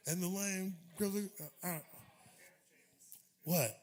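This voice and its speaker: A man's voice: sits high, takes it slowly, a little mellow. A man in his forties, a touring musician, telling a rambling, profane story on a club stage into a stage mic, laughing often.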